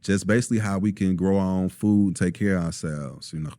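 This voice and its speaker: Low, mellow-voiced man telling stories. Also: quick pace, no room sound, clean studio sound. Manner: relaxed storyteller, many ums, acts out quotes. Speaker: store owner, guest. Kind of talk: casual interview talk.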